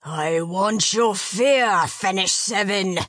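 A woman voicing a huge, menacing male forest giant in a storybook, drawing out his threats slowly and loudly. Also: mid-range voice, no echo, clean studio sound.

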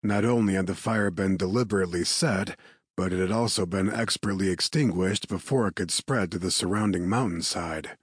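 A man reading a dark paranormal romance as an audiobook narrator, in a measured, steady storytelling delivery. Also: low-pitched, breathy edge, no echo, studio quality.

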